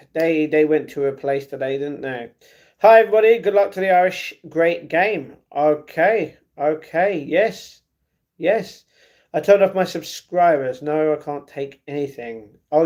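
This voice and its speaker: Young male streamer from England, casual and chatty, slightly high pitch. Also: darkish tone. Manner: chatty, repeats phrases, reads chat aloud and answers. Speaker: live streamer. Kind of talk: casual livestream chat reading comments.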